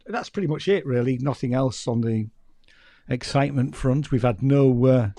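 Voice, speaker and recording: A man with a Yorkshire accent telling rambling, self-deprecating stories as a podcast guest. His voice is mellow and sits at a middle pitch. He sounds close and dry, with no room around him. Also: moderate pace, no echo. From York, England. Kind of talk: casual chat.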